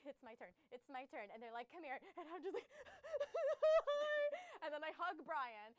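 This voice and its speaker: A woman's voice: high-pitched, animated, quick pace, a bit bright, no room sound. A woman in her twenties telling an emotional story in casual chat, full of fillers and close to tears. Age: 20s. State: tearful, overcome with emotion. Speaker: podcast co-host.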